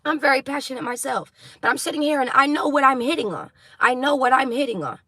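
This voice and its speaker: A woman giving a tarot reading to her viewers, preaching intensely, swearing, and apologizing for getting loud. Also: sits high, fast talker, dry recording. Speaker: tarot reader.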